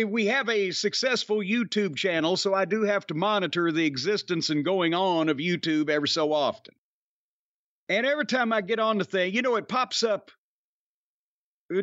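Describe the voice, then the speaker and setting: Southern male podcast host, lively high voice, crude, wandering storyteller, dry muffled sound. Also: no room sound. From Southern United States. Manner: profane, sardonic, long-winded storytelling. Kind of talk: casual rambling chat.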